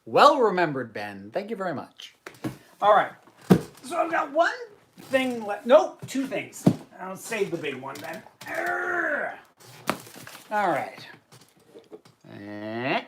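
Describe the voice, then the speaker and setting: A man's voice: high voice, wildly swooping pitch, takes it slowly, long pauses, very noisy. A man hosting a casual livestream. He chats and answers viewer comments in a self-deprecating way. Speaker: host.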